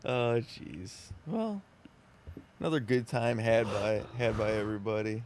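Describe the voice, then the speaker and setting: A man's voice: fairly low pitch, a little slow, a little mellow, a little hiss or hum. A man co-hosting a podcast, making laid-back, profane wisecracks in casual chat. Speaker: podcast co-host.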